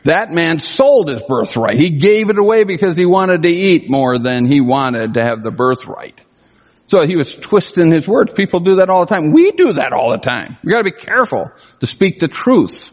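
A pastor giving an expository sermon, reading scripture and commenting on it in a conversational, emphatic way. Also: male voice, on the high side, very animated, normal speed. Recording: long reverb of a large hall.

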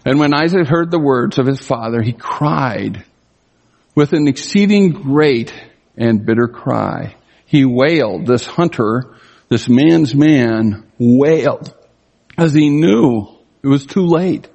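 A pastor giving an expository sermon, reading scripture and commenting on it in a conversational, emphatic way. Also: male voice, mid-range voice, animated, slow, creaky, a little mellow. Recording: long reverb of a large hall.

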